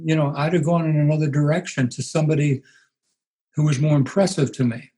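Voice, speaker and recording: A man in his eighties, a pastor being interviewed, telling stories in an unhurried, reflective way. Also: a little high, fairly even intonation, warm tone, rough recording. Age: 80s. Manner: unhurried, anecdotal, puts on voices for quoted people. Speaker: guest, pastor.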